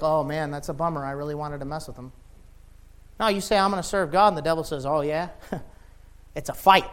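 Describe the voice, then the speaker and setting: A man preaching a sermon with passion, rising to loud shouts and dropping to quiet, low lines. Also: slight background noise. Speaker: pastor.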